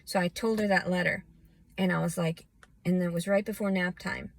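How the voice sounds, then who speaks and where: A woman's voice: lowish voice, fairly even intonation, moderate pace, gravelly, no echo, poor audio. A woman in her thirties giving a scattered, emotional personal rant, often restarting and fighting back tears. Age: 30s. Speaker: vlogger. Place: outdoors.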